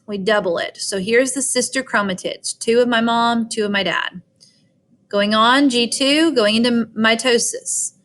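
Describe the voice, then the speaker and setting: A woman's voice: fairly high pitch, a little slow, a bit bright. A woman with a Southern US accent giving a recorded biology lecture. She explains step by step in a chatty way and often checks in with "all right" and "okay.". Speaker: teacher.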